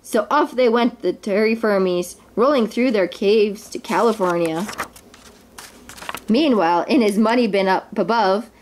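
A woman reading a children's story aloud to her kids in an expressive way. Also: mid-range voice, a little slow, a little hiss or hum.

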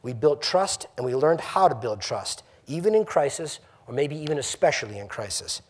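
In a lecture hall, a middle-aged company CEO addresses a college audience in an emphatic, conversational way and often asks the room questions. His voice is fairly high and very animated, at a normal speed.

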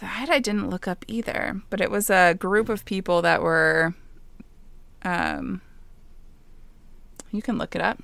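A woman's voice: mid-range voice, steady tone, unhurried, gravelly, pauses often, fairly bright tone, dry recording. A woman co-hosting a podcast, casually telling a history story from her notes, with asides and stumbles.

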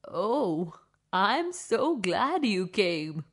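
A woman voicing a timid but clever old woman who pleads softly. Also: mid-range voice, sing-song, drawn-out words, voice pushed down, full character voice. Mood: calm.

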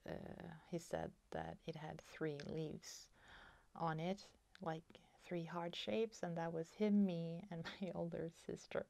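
A woman who grew up in Sweden, a native Swedish speaker, chatting slowly and softly in English while she opens a parcel for her crafting vlog. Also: lowish voice, creaky, no room sound. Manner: slow, soft-spoken, delighted. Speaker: crafting vlogger. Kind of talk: casual chat, opening a parcel.

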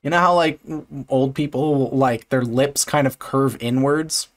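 A man talks through a video as a fish biologist, casual and amused, swearing freely as he mocks what he sees. His voice sits at an everyday middle pitch. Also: measured pace. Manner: sarcastic, profane, amused. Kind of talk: casual reaction commentary.

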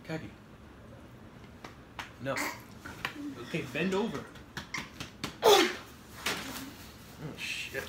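Man host, livestream banter, profane and joking, lively pitch, echoey noisy room. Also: very slow, long pauses. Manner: joking, swears often. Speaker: host of a pizza review livestream. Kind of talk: casual on-stream banter. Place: indoors at a table during a livestream.

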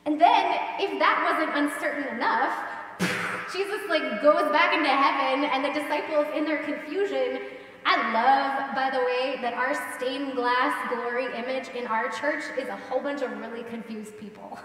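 A woman pastor giving a casual, animated sermon and acting out the voices she quotes. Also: high voice, moderate pace. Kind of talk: conversational sermon. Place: large church sanctuary. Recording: echoey church hall, distant mic.

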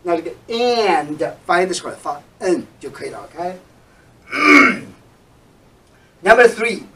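A man teaching English to Chinese speakers, repeating example sentences slowly and switching between English and Chinese. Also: high-pitched, lively intonation, bright, forceful tone, far from the mic, poor audio. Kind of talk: bilingual language lesson.

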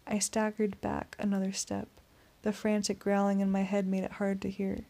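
A woman narrating a first-person audiobook in a steady, tense storytelling voice. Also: mid-range voice, moderate pace, vocal fry, hardly any pauses.

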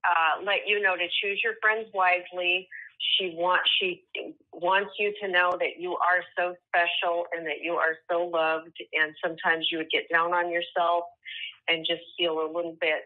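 Lowish woman reading messages for a caller, halting and soft spoken, thin phone sound. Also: little pitch movement. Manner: hesitant, many fillers, gentle. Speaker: co-reader psychic on the phone. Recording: tinny phone line.

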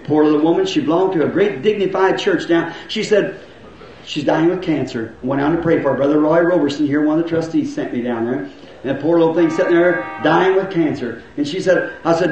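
Folksy preacher in an echoey church. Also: male voice, moderate pace. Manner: folksy, rising to shouts and dropping low. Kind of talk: sermon. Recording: echoey, muffled old church recording.

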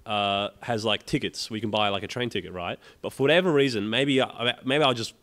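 A man's voice: on the low side, brisk, fairly bright tone. A young man co-hosting a podcast, telling rant-filled stories in casual chat and swearing freely. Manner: swears a lot, ranting storyteller. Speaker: podcast co-host.

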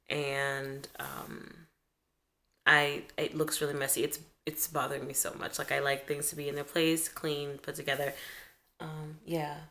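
A woman's voice: deep voice, a bit bright. A young woman in college chatting casually to her camera from her bedroom, giggly and full of fillers. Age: young adult. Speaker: college vlogger. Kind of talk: casual vlog chat.

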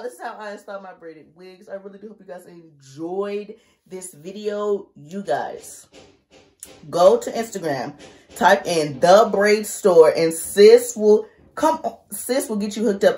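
A woman chatting casually to camera in a beauty vlog, animated and talky, calling her viewers y'all. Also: mid-range voice, a little slow. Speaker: beauty vlogger. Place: bathroom at home. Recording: echoey bathroom.

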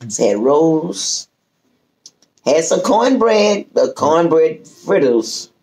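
A woman's voice: deep voice, rough recording. An older woman, telling a family story in casual talk and acting out her relatives' lines. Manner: lively, drawn-out, acts out quoted relatives. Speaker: storyteller guest.

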